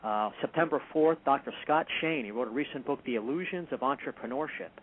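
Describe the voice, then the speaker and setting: A man co-hosting a radio talk show, announcing upcoming guests in a brisk casual way. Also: medium pitch. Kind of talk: casual on-air chat. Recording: tinny phone-like radio audio with faint noise.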